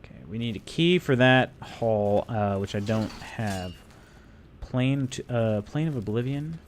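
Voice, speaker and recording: A male gaming streamer gives casual live commentary at a mid pitch. He thinks aloud and chats to his viewers as he plays. Faint background noise sits under his voice. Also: lively intonation, measured pace.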